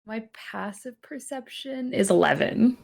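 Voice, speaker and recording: A woman playing a tabletop role-playing game, speaking in a measured, low-key way. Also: expressive, creaky, a little mellow. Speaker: player.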